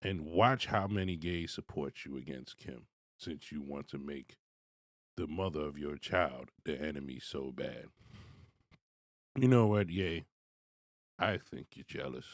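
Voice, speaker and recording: A man giving blunt, profane commentary, swinging from low muttering to loud, high-pitched outbursts. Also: lively intonation, unhurried, long pauses, no echo, studio quality. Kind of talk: ranting commentary.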